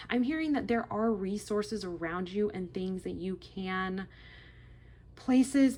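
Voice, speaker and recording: A woman giving a casual, gentle tarot reading to her viewers, reassuring and repeating herself with frequent "okay?" checks. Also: mid-range voice. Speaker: tarot reader.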